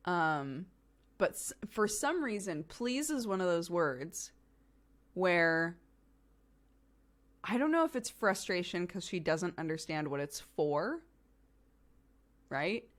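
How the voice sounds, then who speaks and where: Animated, laughing woman streamer. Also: fairly low pitch, slow pace, pauses often. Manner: animated storytelling, laughs often, acts out quotes. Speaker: streamer and host. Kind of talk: casual chat.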